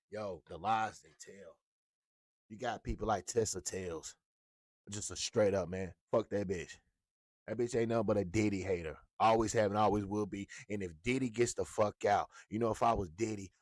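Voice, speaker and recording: A man's voice: on the low side, no echo, clean studio sound. Profane, heated male blogger rant. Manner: profane, heated, repetitive ranting. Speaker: hip hop blogger. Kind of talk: ranting commentary.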